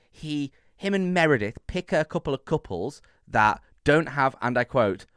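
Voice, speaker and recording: A young man co-hosting a podcast, telling stories in a playful, animated way. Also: on the high side, normal speed, no echo, studio quality. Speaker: podcast co-host. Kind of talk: casual chat.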